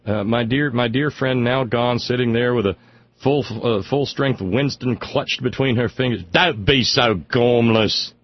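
Husky-voiced sardonic radio talk host. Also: male voice, medium pitch, moderate pace, no echo, muffled recording. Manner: sardonic, rambling, repeats words when worked up. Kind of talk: irreverent political commentary.

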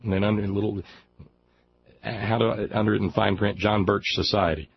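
A man's voice: lowish voice, flat delivery, fairly quick, creaky, dull audio, a little hiss or hum. A man from Alabama hosting a talk radio show, reading a news story aloud and breaking off into mocking, sarcastic asides. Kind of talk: sardonic commentary on a news story.

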